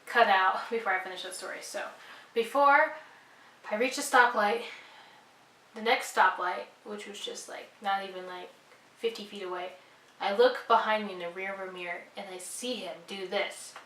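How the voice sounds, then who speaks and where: A woman's voice: medium pitch, normal speed, fairly bright tone, echoey room, recorded from a distance, a little hiss or hum, low-quality recording. A young woman vlogger telling a personal story, earnest and apologetic, rambling with lots of fillers. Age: young adult.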